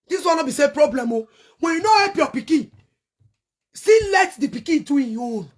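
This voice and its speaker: Very high-voiced Nigerian woman ranting angrily. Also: lively intonation, normal speed. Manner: angry, cursing, shouts in bursts. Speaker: online show host. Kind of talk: heated rant to viewers.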